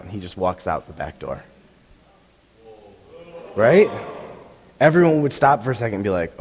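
Young male pastor, sore-throat hoarseness, lively storytelling sermon, long hall echo. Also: fairly low pitch, normal speed, long pauses. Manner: animated storytelling, acts out crowd reactions. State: voice roughened by strep throat. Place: church hall.

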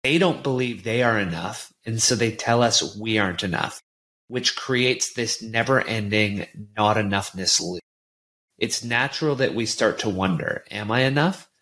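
A man hosting a podcast interview, earnest and halting, often restarting his sentences. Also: on the low side, sharp tone. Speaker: podcast host. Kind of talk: conversational interview.

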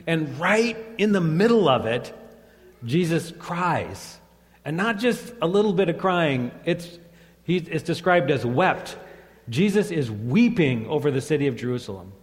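A man in his fifties, a pastor, reading scripture and then preaching in a plain, conversational way. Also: fairly high pitch. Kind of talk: sermon. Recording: long reverb of a church hall.

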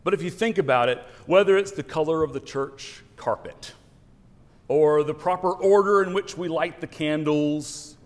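A man giving a sermon as pastor, telling an animated story with wry asides. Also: a little high, normal speed. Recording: long church reverb.

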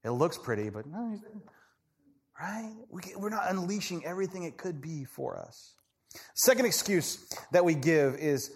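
A man preaching a sermon in a conversational, animated way, often asking "right?" and acting out voices. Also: on the high side, moderate pace, husky. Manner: acts out people in quoted voices. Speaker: pastor.

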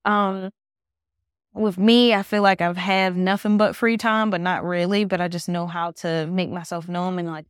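A woman with a smooth, mid-range voice hosts a solo podcast from her new apartment, recorded close and dry with no room sound. She's a casual, rambling storyteller who says "like" constantly.

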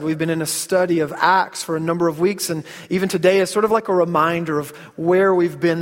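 Man, 30s, pastor, conversational sermon, repeats words, high pitch, long hall reverb. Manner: chatty, storytelling, repeats words when starting sentences. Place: church sanctuary.

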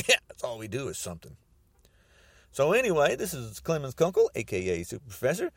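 A man's voice: a little high, wildly swooping pitch, brisk, no echo. A man podcasting a ranting political monologue, mocking and repeating himself.

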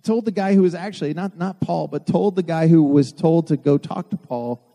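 Guy preaching a sermon, slightly high voice, really mellow and dark, long echo off the church walls. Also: moderate pace, creaky. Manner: earnest preaching with self-deprecating asides. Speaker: pastor. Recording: long hall reverb.

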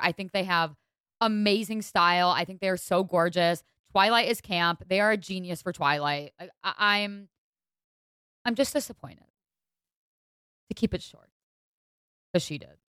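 A young woman hosts a podcast with a smooth, clear voice, recorded close and dry with no room around her. She talks in a lively, exasperated way that tips into gushing, swinging between mock outrage and fond praise. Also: mid-range voice, no echo. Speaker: podcast host. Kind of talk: casual fashion commentary.

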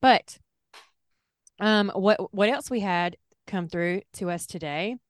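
A woman's voice: mid-range voice, takes it slowly, dry recording, clean studio sound. A woman with a Southern US accent co-hosting a podcast, chatting casually with many fillers and restarts, and reading a listener's letter aloud. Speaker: podcast co-host.

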